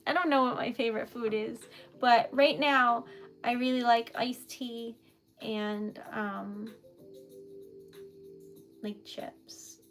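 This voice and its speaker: Young woman, livestream host, giggly, rambling, fairly high voice, soft music behind. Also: fairly even intonation, slow, pauses often. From New England. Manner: giggly, emotional, rambling with fillers. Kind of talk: casual chat with live viewers.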